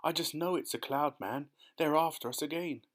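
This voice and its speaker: A man's voice: fairly high pitch, normal speed, fairly bright tone, voice pushed up, lightly acted. A man voicing a sad, fearful female spider in a storybook audiobook, telling her woes in an anxious way. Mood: frightened. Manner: tearful, anxious.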